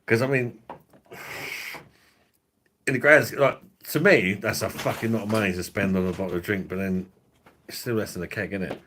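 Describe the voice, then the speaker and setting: A man hosting a casual drinks review stream, with a deep voice and a bright, punchy edge. He rambles loosely, swears freely and laughs often as he chats. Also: steady tone, normal speed, pauses often, a little hiss or hum. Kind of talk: casual livestream chat.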